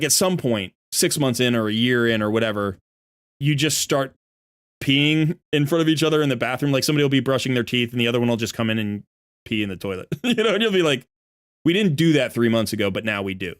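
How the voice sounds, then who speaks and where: A middle-aged man chats on a live stream from his home desk mic, rambling and laughing as he pokes fun at himself. His voice sits at an ordinary pitch and sounds dry and close, with no room echo. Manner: rambling, self-deprecating, laughs often. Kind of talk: casual live-stream chat. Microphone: desk microphone.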